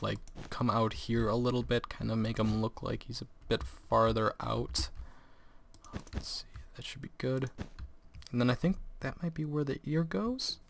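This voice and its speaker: A man's voice: medium pitch, a bit bright, slight background noise. Teenage male gameplay commentator; casual, rambling storyteller who laughs a lot. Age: teens.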